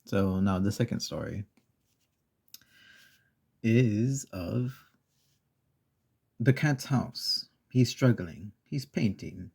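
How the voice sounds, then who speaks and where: A man speaks in a soft, unhurried ASMR style, drifting through a children's story with pauses and little asides. His voice sits low and dark, with plenty of gravelly fry and a breathy, husky grain. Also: expressive. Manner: slow, meandering retelling with pauses and fillers. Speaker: ASMR channel host.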